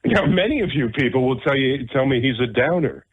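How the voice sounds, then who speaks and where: A man's voice: mid-range voice, animated, a little fast, breathy edge, no echo. Blunt radio host man, narrow phone-like sound. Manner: blunt, emphatic, repeats phrases for effect. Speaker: radio talk show host. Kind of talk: opinionated talk radio monologue.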